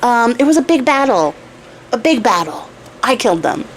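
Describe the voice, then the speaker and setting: A woman's voice: a little high, sing-song, normal speed, a little hiss or hum. A woman voicing a boastful young male tailor in a casual, swaggering way, with some swearing. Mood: cocky.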